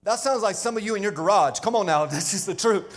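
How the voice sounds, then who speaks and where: A man's voice: high-pitched, quick pace. A male pastor preaching a sermon, emphatic, calling out to the congregation for responses. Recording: live sermon with long hall reverb.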